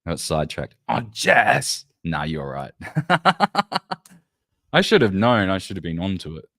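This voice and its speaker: A man's voice: deep voice, very animated, normal speed, creaky, a bit bright, dry recording, clean studio sound. A man hosting a casual livestream, rambling loosely and swearing as he chats with his viewers. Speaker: livestream host.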